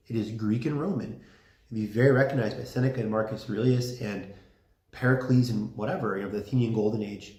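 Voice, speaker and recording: A man giving a casual classroom lecture, chatty and full of fillers, with lively emphasis. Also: lowish voice, a little fast. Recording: roomy classroom echo.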